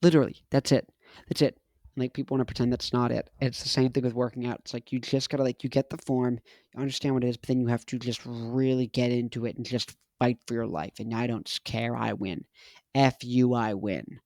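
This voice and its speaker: A man's voice: mid-range voice, little pitch movement, fast talker, a little mellow, no echo. A man in his twenties, hosting a casual monologue, talking in an emphatic, repetitive, punchy way. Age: 20s. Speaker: host.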